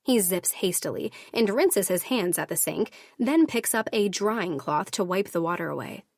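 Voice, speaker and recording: A woman narrating a first-person romance audiobook in a measured, even storytelling manner. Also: lowish voice, vocal fry, no room sound.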